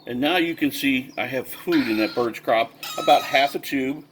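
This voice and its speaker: A man's voice: mid-range voice, expressive, normal speed, fairly bright tone, a little hiss or hum. A man who breeds birds gives a casual how-to demonstration, explaining step by step with lots of fillers and restarts. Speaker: bird breeder.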